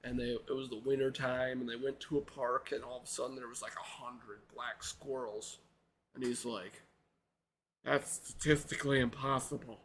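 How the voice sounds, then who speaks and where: A man's voice: mid-range voice, little pitch movement, moderate pace, a little hiss or hum. A young man from Minnesota co-hosting a podcast, chatting casually in an easygoing way and laughing readily. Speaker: podcast co-host. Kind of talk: casual chat.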